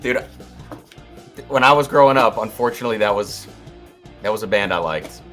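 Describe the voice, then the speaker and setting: A man on a casual live stream, a guest drummer talking in a relaxed, laid-back way with plenty of filler words. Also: lowish voice, normal speed, faint music behind.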